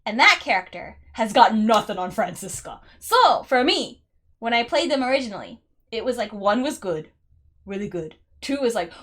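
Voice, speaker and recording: A young adult woman giving playful, excitable commentary while playing a game. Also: medium pitch, normal speed, faint music behind. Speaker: let's play gamer.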